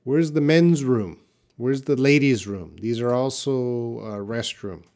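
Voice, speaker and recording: A man's voice: mid-range voice, slow, darkish tone. A man teaching English in a live question-and-answer class, reading out viewer comments and explaining them patiently with short example sentences.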